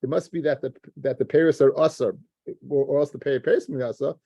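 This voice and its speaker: Rabbi guy doing a talmud class, gravelly kinda warm voice, keeps restarting words, talks to the guys. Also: medium pitch, steady tone, fast talker, no room sound. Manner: explains step by step, restarts words, addresses listeners as guys.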